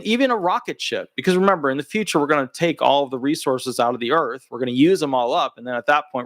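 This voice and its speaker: A man's voice: mid-range voice, no room sound, studio quality. A middle-aged man, a disability attorney, giving chatty, opinionated commentary in a casual video. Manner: chatty and opinionated, talks to his dog mid-video.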